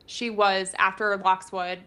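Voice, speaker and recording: A woman's voice: mid-range voice, little pitch movement, a little slow, a bit bright, smooth. A woman co-hosting a casual live book discussion, speculating in a chatty way with many fillers.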